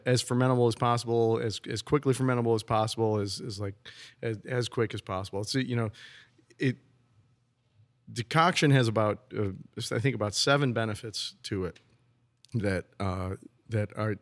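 A man who is a brewer, explaining his brewing process in casual podcast talk, often restarting and repeating words. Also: fairly low pitch.

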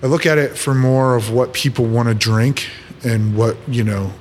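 A man, a brewer, chatting casually in a podcast conversation, relaxed and thinking aloud as he explains how he works. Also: medium pitch, moderate pace. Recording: faint background noise.

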